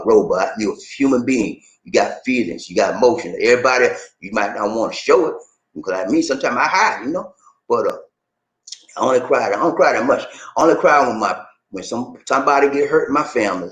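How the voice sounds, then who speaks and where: This dating advice host speaks in a mid-range, slightly bright voice. In a casual, hyped video shot in an echoey room, he keeps things playful and pumps up viewers by repeating phrases.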